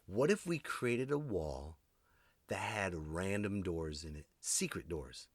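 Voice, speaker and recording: A man hosting his own podcast, rambling through a jokey monologue that swings between loud outbursts and muttered asides. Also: low voice, animated, slow pace, no room sound. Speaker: podcast host. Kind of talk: comedic solo podcast monologue.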